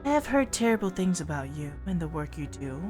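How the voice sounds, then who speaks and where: A woman voicing a calm, mysterious adult witch while reading a visual novel aloud, soft and formal. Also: sits low, brisk, soft background music. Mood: cool.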